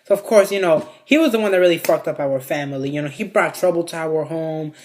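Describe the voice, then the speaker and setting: A man's voice: a little high, fast. A young man from Mexico telling a casual storytime tale, rambling with constant fillers and heavy swearing. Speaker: vlogger.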